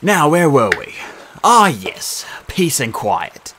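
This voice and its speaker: A man voicing a sly, smooth-talking male god in a put-on mixed British and Australian accent for an audiobook. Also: on the high side, sing-song, moderate pace, slight background noise, pitched above the performer's own voice. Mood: breezy. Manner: breezy, teasing. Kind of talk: audiobook reading.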